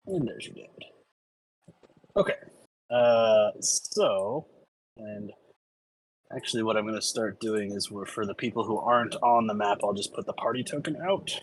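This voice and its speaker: A man narrating a tabletop game as its game master, in a relaxed, casual way. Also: medium pitch, takes it slowly, long pauses, dry recording, poor audio.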